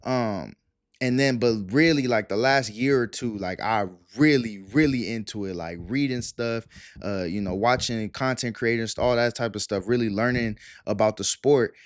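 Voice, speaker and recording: A man's voice: mid-range voice, normal speed, no echo. A man in his twenties hosts his own sports talk show and rants in a loose, profane, heated way. His voice sits in a middle range and sounds dry and close, with no room around it. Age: 20s. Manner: profane, fired-up, animated ranting. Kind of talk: casual sports rant.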